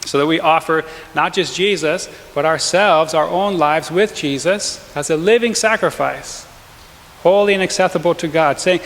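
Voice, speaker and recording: A male pastor giving a lively, conversational sermon with quick asides and chuckles, in a church. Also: a little high. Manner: energetic, conversational preaching with frequent asides and laughs. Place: large church. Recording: long hall reverb in church.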